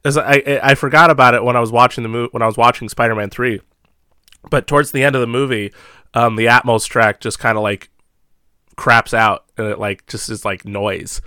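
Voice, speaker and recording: A man's voice: mid-range voice, fairly even intonation, fairly quick, pushed and bright, clear, resonant tone, no echo, clean studio sound. A man co-hosting a podcast, chatting casually about movies, rambling with frequent laughs. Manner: rambling, laughs often, acts out little dialogues. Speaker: podcast co-host.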